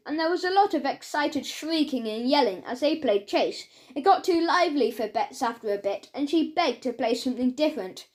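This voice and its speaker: A woman narrating a children's audiobook, reading aloud and voicing each character's lines. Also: sits high.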